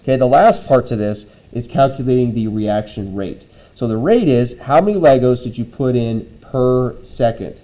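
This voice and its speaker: Mellow-voiced male teacher giving lab instructions. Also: medium pitch, normal speed, few pauses, poor audio. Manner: conversational, frequent "okay?" check-ins and "um" fillers.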